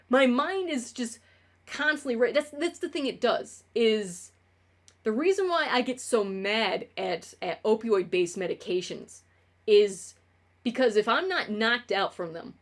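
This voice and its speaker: A young woman streamer in casual livestream talk. She rambles from tangent to tangent, swears often, and trips over her words as a self-described clutterer. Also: a little high.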